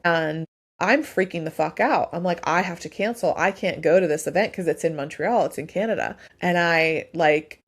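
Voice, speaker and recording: Candid woman telling an emotional personal story. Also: sits low. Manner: emotional, candid, heavy use of "like". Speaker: host.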